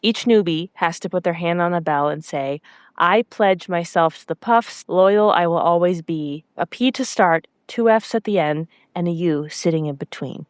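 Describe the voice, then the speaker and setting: A woman with a fairly low voice recaps a TV episode for her podcast co-host. She tells it as a lively story, slipping into quick impressions of the characters. The sound is dry and close to the mic. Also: clear, resonant tone, dry recording. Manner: animated storyteller quoting characters.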